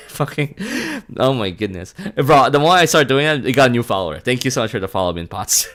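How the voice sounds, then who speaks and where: A man from the Philippines, chatting casually on a live stream, animated and laughing often, swearing and saying bro a lot. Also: medium pitch, a little fast.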